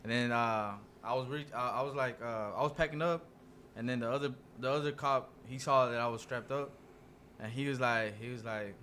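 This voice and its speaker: A man's voice: medium pitch, fairly quick, bright, forceful tone, a little hiss or hum. A young man telling a story casually among friends, laid-back, swearing freely and acting out the dialogue. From Dallas area. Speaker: podcast guest telling a story.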